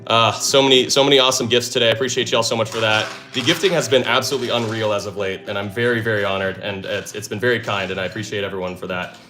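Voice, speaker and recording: A man's voice: on the low side, steady tone, quick pace, hardly any pauses, sharp tone. A man hosting a live stream, thinking aloud as he works through puzzles and cheering when he solves them. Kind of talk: excited live stream chatter.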